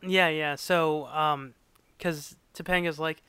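In a dry recording, a man with a fairly high, clear, resonant voice speaks a little slowly. He's co-hosting a relaxed podcast, animatedly retelling a sitcom episode, acting out quotes and laughing often.

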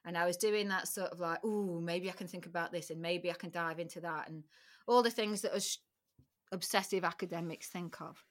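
A woman's voice: lowish voice, steady tone, a little fast. A middle-aged woman, a podcast guest, recounting a personal story candidly and emotionally, with frequent restarts and occasional swearing.

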